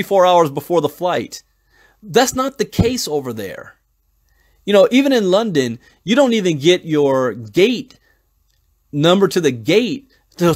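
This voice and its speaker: A man in his forties hosting a crypto channel. He reads an article aloud and breaks off into rambling, thinking-out-loud asides and stories, with frequent restarts and chuckles. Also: sits high. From United States. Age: 40s. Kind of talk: casual commentary, reading an article aloud and breaking off to tell stories.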